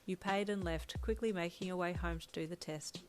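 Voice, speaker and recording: A woman narrating a fan story in the second person, with gentle, even storytelling. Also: fairly low pitch, moderate pace, slight background noise. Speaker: fanfiction narrator. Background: lo-fi drum loop.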